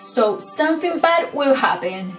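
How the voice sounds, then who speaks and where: A woman vlogger reacting to a TV episode, excitable and swearing as she shouts at the screen. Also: high voice, measured pace. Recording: echoey room with faint TV music.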